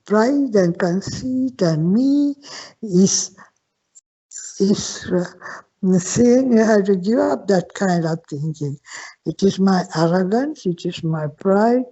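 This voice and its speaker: An older woman, a Buddhist nun, teaching at a slow, patient pace with repeated questions and frequent restarts. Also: mid-range voice, dark tone, breathy edge. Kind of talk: Dharma Q&A teaching. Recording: dull lo-fi sound.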